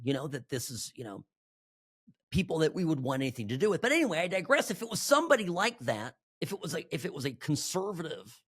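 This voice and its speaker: A male talk show host from Southern California delivers a political monologue in a husky voice. His pitch swings widely as he presses his points emphatically, often restarting sentences and breaking into quick asides.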